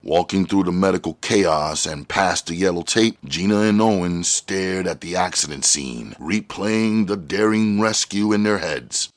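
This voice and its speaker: A man reading a novel aloud as narrator in a steady, measured way. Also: low-pitched. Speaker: audiobook reader. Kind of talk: storybook reading.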